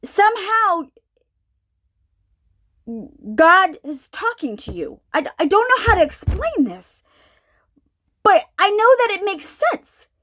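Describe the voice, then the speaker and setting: A woman's voice: very high voice, very animated, measured pace, fairly bright tone. A woman preaching an informal sermon, thinking aloud, often repeating herself and asking her listeners questions. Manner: searching, repeats herself, asks the audience questions.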